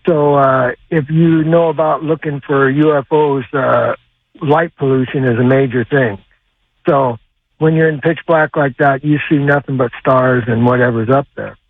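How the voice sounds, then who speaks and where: An older man calling in to a radio show, telling a long story in a rambling, halting way with lots of uhs. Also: on the high side, no room sound. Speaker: caller. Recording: tinny phone line.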